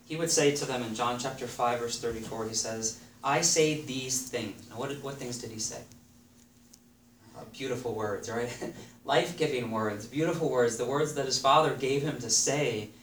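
Earnest and moderately paced, a man preaches in a medium-pitched, slightly bright voice, reading scripture and repeating phrases for emphasis. The echoey room, distant mic placement, and faint background noise color the recording.

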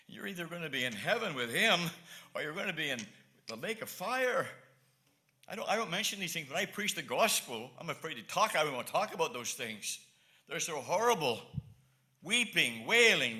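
Forceful, bright-voiced male evangelist preaching. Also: a little high. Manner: emphatic, repetitive, pleading. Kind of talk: sermon. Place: church congregation.

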